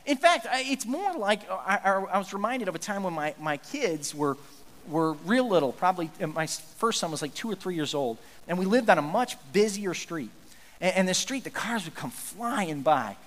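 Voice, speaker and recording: A male pastor preaches a conversational sermon in a fairly high voice, earnest and plainspoken. He often stumbles and restarts mid-sentence. His voice carries a long reverb from a large hall. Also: big pitch swings, moderate pace, fairly bright tone.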